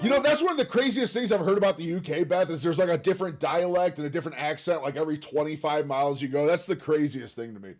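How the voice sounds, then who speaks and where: A man's voice: fairly high pitch, fast, few pauses. A man from the United States hosting a casual live stream, chatting with viewers by name, laughing often as he reacts to music. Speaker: streamer host.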